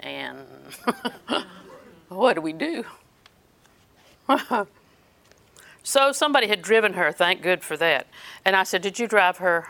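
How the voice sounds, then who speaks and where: A woman's voice: on the low side, vocal fry, bright, forceful tone. A woman preaching a sermon in an earnest storytelling way, quoting scripture as she goes.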